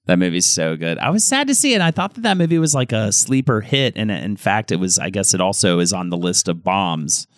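Male podcast co-host, low voice, very expressive delivery, dry close-miked sound. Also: brisk, few pauses, dry recording. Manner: animated, exclaiming and griping. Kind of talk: casual movie watchalong chat.

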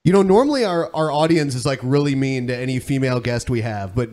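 A man's voice: mid-range voice, fast talker, a little mellow. A man hosting a podcast, chatting in an amused, laid-back way. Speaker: host. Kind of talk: casual podcast banter.

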